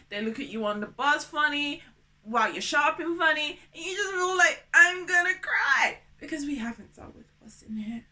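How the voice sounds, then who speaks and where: Bubbly, high-voiced woman in her thirties. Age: 30s. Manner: excitable, jumps between topics, laughs often. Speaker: vlogger. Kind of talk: casual vlog to camera.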